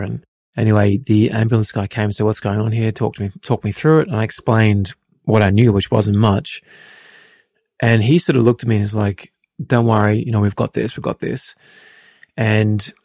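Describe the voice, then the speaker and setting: Man, 30s, co-host telling a story calmly, low gravelly voice, dry close sound. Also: dry recording. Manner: calm, plain retelling with restarts. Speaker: podcast co-host, husband. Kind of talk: personal storytelling conversation.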